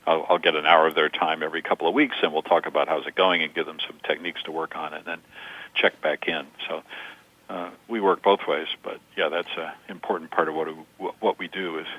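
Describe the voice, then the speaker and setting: A man in his sixties, a communication coach, giving measured interview answers through stories and examples. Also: very deep voice, steady tone, no echo. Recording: dull lo-fi sound.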